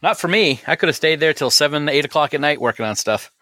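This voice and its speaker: A male podcast co-host with a bright, forward voice, ribbing his partner and chuckling through easygoing banter. The recording is dry and close to the mic. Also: a little high, fast talker, dry recording.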